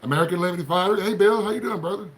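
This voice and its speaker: Talking very fast in a high voice, a middle-aged man from Appalachian Ohio hosts a livestream, folksy and rambling as he welcomes viewers by name in his Appalachian accent. A little hiss or hum sits under the recording.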